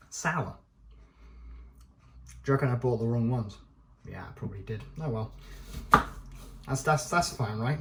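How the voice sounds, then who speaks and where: A man's voice: medium pitch, darkish tone, a little hiss or hum. A young man talking to himself while cooking in a home kitchen, chatty and self-mocking. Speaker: vlogger. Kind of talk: casual cooking vlog. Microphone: head-mounted action camera.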